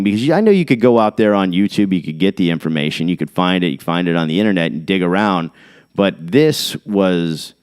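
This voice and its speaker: Middle-aged guy rambling on his podcast, low smooth voice, keeps jumping topics. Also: darkish tone. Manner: jumps between topics, thinks aloud; reads definitions aloud off the screen. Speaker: podcast host. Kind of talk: rambling casual monologue.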